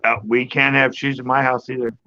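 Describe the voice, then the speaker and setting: A man's voice: medium pitch, level tone, brisk, bright, forceful tone. Man hosting a live panel stream. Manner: rambling, talks through his thoughts, chuckles often. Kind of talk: casual chat. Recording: muffled audio with faint background noise.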